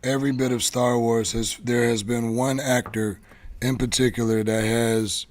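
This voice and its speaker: Man, show host, casual chat, rambling, swears offhandedly, mid pitch. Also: level tone, moderate pace.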